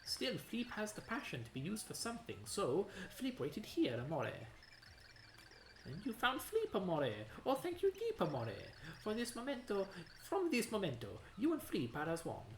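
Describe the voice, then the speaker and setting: A woman's voice: medium pitch, wildly swooping pitch, normal speed, echoey room, a little hiss or hum, pitched above the performer's own voice. A woman voicing a lovesick male paper pixel companion with a put-on Italian-sounding accent and flowery, broken English, reading game dialogue aloud. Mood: crooning.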